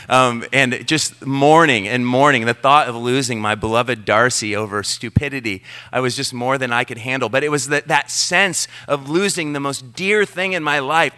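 A middle-aged male pastor delivers a sermon in a bright, crisp, clear voice. He is earnest and tells personal stories with self-deprecating asides. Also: a little high.

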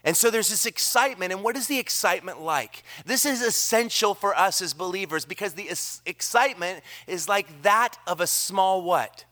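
Bright-voiced preaching man, fervent. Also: high voice, normal speed, few pauses. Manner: energetic preaching, swings from loud emphasis to hushed near-whisper. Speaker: pastor. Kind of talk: sermon. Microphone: handheld or stand microphone.

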